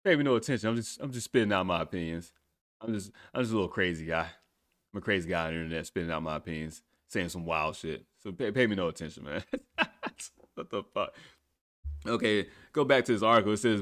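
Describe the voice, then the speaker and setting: A man's voice: low-pitched, quick pace, a bit bright. A man hosting a solo podcast, ranting with profanity and laughing at his own remarks. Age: adult with children. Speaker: podcast host. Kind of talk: solo opinion podcast rant.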